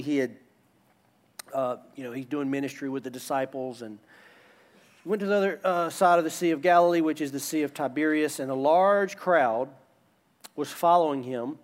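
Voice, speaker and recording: A man's voice: on the high side, moderate pace. A man preaching a sermon as pastor, emphatic and repetitive, using call-and-response with the congregation.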